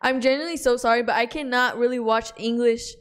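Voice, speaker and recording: A woman's voice: a little high, fairly even intonation, fast talker, smooth. A young adult woman co-hosting a podcast in a casual chat, playful, teasing and full of slang. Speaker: podcast co-host.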